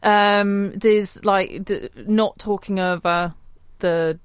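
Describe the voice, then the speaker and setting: A woman from the north of England with a Northern accent, a radio co-host trading sharp deadpan comebacks. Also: mid-range voice, slow, smooth, dry recording, clean studio sound. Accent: Northern English. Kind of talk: casual studio banter.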